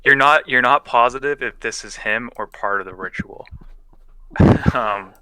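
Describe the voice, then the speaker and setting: A man's voice: medium pitch, a little slow, sharp tone, clean tone, no echo, poor audio. A young man casually narrating as game master of a tabletop game, loose and profane, often laughing.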